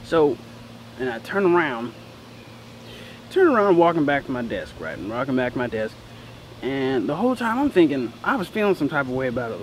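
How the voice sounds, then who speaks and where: A man's voice: mid-range voice, huge pitch swings, brisk, slight background noise. A teenage boy telling a childhood story in a casual, profane, indignant way. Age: teens.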